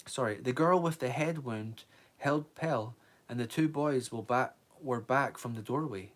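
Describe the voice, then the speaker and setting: A man reading a novel aloud on a live stream, steady, with small slips he corrects. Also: mid-range voice, unhurried.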